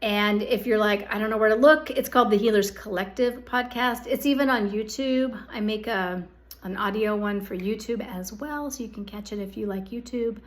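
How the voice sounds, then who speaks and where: A woman's voice: mid-range voice, normal speed. A woman giving a direct-to-camera psychic energy forecast, earnest and coaxing, often checking in with "okay?" as she speaks straight to the listener. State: hiccups.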